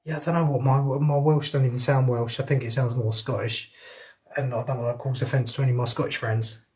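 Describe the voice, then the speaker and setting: A man's voice: mid-range voice, steady tone, quick pace, darkish tone. Chatty man on a ghost hunt. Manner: chatty, addresses viewers and spirits directly, laughs often. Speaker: paranormal investigator streaming live. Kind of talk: live ghost-hunt stream chat. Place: indoors in a house.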